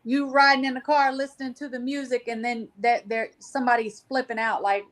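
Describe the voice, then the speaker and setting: A woman speaking on a podcast panel in a halting, casual way, with many restarts and fillers. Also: a little high, little pitch movement, fairly bright tone. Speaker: panel guest.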